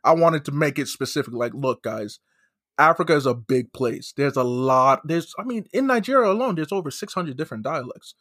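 Animated man, slightly high voice. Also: brisk, few pauses, no room sound, studio quality. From United States. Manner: animated, mimics voices in retelling. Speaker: podcast co-host. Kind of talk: casual group chat.

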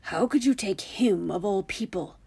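A woman's voice: medium pitch, normal speed, vocal fry, darkish tone, slightly rough, no echo. Woman reading a snapping, bitter male teacher. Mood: angry. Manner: curt, snapping. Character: bitter male potions teacher, sharp-tongued, quick to anger.

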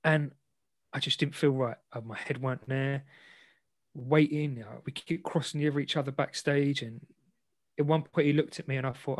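A man, an interview guest and boxer, frankly recounting a personal story in a self-deprecating, animated way. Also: medium pitch, moderate pace, no echo.

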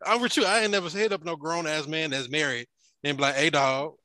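A man's voice: fairly high pitch, lively intonation, fast talker, pushed and bright, no room sound. A man in his forties from Chicago, co-hosting a casual chat in a laid-back, joking way. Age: 40s. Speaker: podcast co-host.

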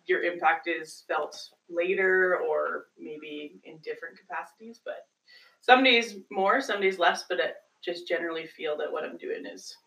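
Woman in her thirties, podcast guest; bright, laughing delivery, recorded a bit off-mic. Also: on the low side, distant mic, rough recording. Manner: laughs often, halting, trails off. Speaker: guest teacher. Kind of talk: casual podcast chat.

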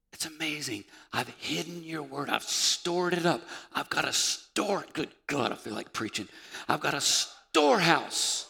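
A man preaching a sermon as pastor, building from quiet reflection to fervent shouting. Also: on the high side, creaky. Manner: impassioned preaching, rising to shouts. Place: church sanctuary. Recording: reverberant church hall.

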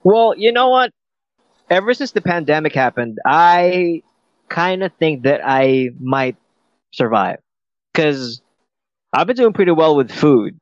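A man's voice: on the high side, lively intonation, a little slow, no echo. A man co-hosting a casual podcast chat, joking and laughing often and swearing freely. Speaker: podcast co-host. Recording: slightly dull dry recording.

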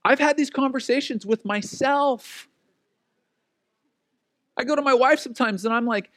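Animated preacher man with a dry sound. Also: extremely high pitch, moderate pace, long pauses, no room sound. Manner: animated storytelling, acts out quoted voices. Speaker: pastor. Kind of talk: sermon.

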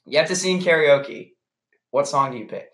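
A man's voice: on the high side, normal speed, a bit bright, reverberant. A young man co-hosting a podcast in casual chat, playful and laughing often, jokingly acting out lines. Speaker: podcast co-host.

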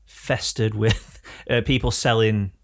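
Young northern English man, Oldham accent, gravelly, rambling storyteller co-host of a casual podcast. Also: on the low side, flat delivery, slow. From England. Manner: rambling anecdotes, self-correcting. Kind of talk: casual chat.

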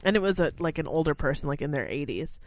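A woman's voice: low-pitched, animated, fast, no room sound. A young woman co-hosting a podcast in casual chat, emotional and teary, swearing freely and gushing as she talks. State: teary, crying while talking. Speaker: podcast co-host.

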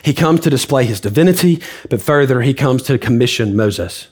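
A man's voice: medium pitch, expressive, brisk, few pauses, a little mellow, breathy edge. A man preaching a sermon as pastor, emphatic and repetitive. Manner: emphatic preaching with repeated phrases. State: out of breath.

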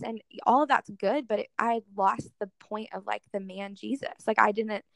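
A woman's voice: on the high side, steady tone, brisk, gravelly, hardly any pauses, dry recording. A young woman telling a personal faith story in a casual interview, earnest and full of "like" fillers. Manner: earnest, heavy use of "like" as filler. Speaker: guest speaker in worship ministry.

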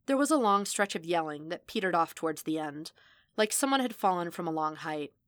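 A woman narrating fan fiction as an audiobook, steady and measured in her storytelling. Her voice sits low, recorded close and dry. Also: dry recording. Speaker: podfic reader.

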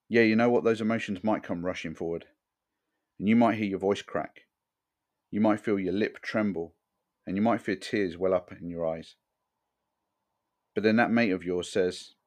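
A man with a low, deep voice speaks in a frank, earnest way. He reads a scripted podcast monologue straight to the listener. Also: fairly even intonation, moderate pace, pauses often, a little mellow. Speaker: podcast host.

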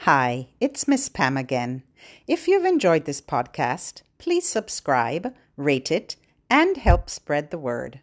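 A woman hosting a podcast for babies, singing nursery rhymes and fingerplays in a playful, sing-song way and giving parents gentle instructions. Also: low-pitched, huge pitch swings, takes it slowly.

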